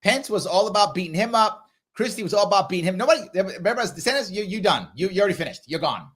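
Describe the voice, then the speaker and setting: Brief: middle-aged male livestream host, slightly high voice, very lively pitch, chatty direct commentary. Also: breathy edge. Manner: animated, talks straight to viewers, acts out others in quick voices. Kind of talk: live Q&A commentary.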